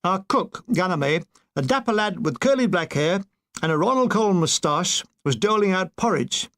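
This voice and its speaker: A man reading a war memoir aloud as an audiobook, telling it in a wry, expressive way. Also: high-pitched, moderate pace. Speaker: audiobook reader.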